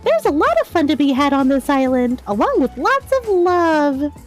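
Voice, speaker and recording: A woman's voice: sits high, sing-song, moderate pace, faint music behind, voice pushed up. A woman voicing a cheerful, loving huntress in a dating game, bubbly and encouraging.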